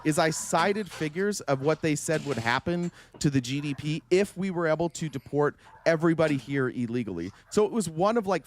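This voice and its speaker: A man arguing his side in a heated online debate, defensive and quick to push back. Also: on the high side, dry recording. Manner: quick, defensive, talks over others. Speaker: debater hosting a watch party.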